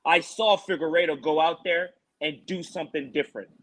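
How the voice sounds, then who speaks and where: A man's voice: on the high side, steady tone, brisk, a bit bright, low-quality recording. A man co-hosting a casual podcast, ranting animatedly and mocking with laughs. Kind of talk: casual fight-talk podcast chat.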